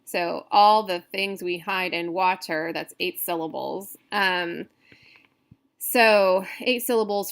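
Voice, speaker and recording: Female poetry teacher, unhurried and a little gravelly, thinks aloud and corrects herself mid-lecture. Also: on the low side, a bit bright. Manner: counts stresses aloud. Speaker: poetry instructor. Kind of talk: recorded screen-share lecture.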